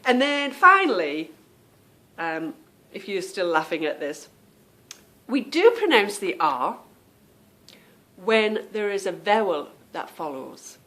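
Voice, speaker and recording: With a mid-range, sing-song voice, a slow pace and a sharp tone, this woman talks casually as a podcast host. She's a native English speaker whose monologue is chatty and self-amused, full of fillers as she explains things.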